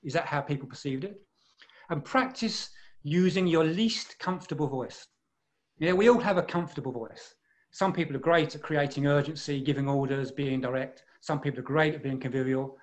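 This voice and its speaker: English-accented male presenter, clear precise explainer, slightly high voice, video-call seminar. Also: normal speed.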